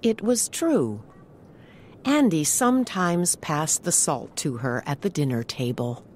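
A woman narrating a story in slow, clear English for learners. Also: deep voice, big pitch swings, a little mellow, slight background noise.

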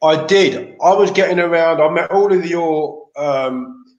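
English male guest, animated storyteller, roomy sound. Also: on the high side, measured pace, lo-fi sound. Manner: animated, laughing anecdotes with slang. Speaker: interview guest. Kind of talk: casual storytelling.

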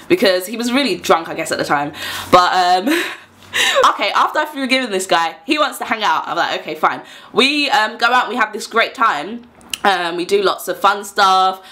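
Bright-voiced young woman. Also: mid-range voice. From London, England. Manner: chatty, laughs often while telling stories. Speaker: vlogger. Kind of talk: casual storytelling to camera.

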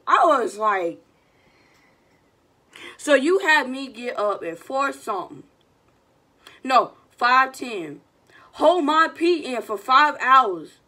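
Slangy, animated young woman. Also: high voice, slow, long pauses. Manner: animated, slangy retelling with quoted voices. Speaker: vlogger. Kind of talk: storytime vlog, casual chat.

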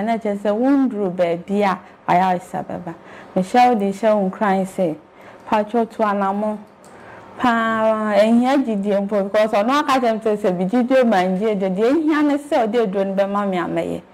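A woman with a Ghanaian accent, a mother telling her story in a rambling, animated way as an interview guest. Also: mid-range voice. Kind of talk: casual storytelling.

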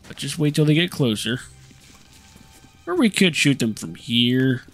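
A man's voice: mid-range voice, a little slow, faint music behind. A young man casually commentating his own gameplay, cursing and joking as he reacts. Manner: sweary, jokey, excitable reactions. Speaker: gaming channel host. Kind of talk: casual let's-play commentary.

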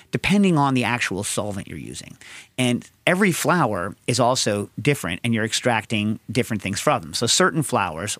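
A man's voice: mid-range voice, dry recording. A man hosting a podcast, answering listener questions in a casual, rambling style full of tangents. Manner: rambling, tangent-prone, animated storytelling. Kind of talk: casual chat.

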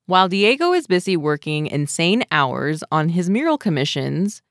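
A woman's voice: lowish voice, no echo. Woman with a dry, close podcast voice. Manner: storytelling, then laughing banter. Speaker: podcast co-host. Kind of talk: narration and casual chat.

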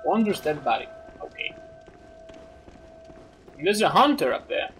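A man playing through a video game, bursting into goofy exclamations. His voice sits high and bright, with big swings in pitch. He talks at an unhurried pace, and faint music plays behind him. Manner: excitable, loud outbursts and goofy exclamations. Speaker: gaming commentator. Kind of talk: let's play commentary.

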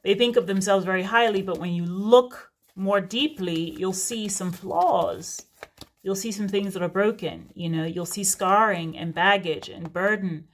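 A woman's voice: mid-range voice, unhurried. A woman giving a casual, frank tarot reading to her viewers, chatty with many fillers and asides. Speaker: tarot reader.

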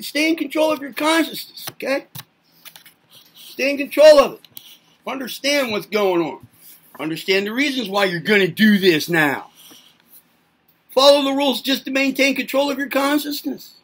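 A man with a very high, sharply bright voice talks through a loose self-help lecture. He rambles, keeps firing rhetorical questions at the listener and swears casually along the way. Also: sing-song, a little slow, pauses often, slightly rough. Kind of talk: informal lecturing monologue.

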